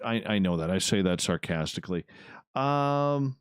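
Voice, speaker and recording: A man hosts an online radio show, reading live viewer comments, chatting loosely, and rambling to himself as he works. His lowish voice is animated at a moderate pace with a clean tone, captured in clean studio sound with no room sound.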